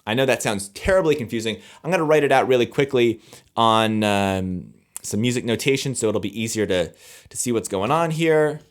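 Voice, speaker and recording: A man teaching music to camera, explaining rhythm in a relaxed, conversational way and scat-singing the beats as he counts. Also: medium pitch, moderate pace.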